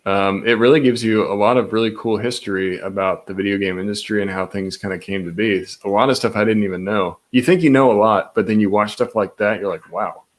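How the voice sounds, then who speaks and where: A man's voice: on the low side, steady tone, quick pace, few pauses. A man co-hosting a casual podcast, laid-back and swearing casually. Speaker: podcast co-host. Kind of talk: casual chat.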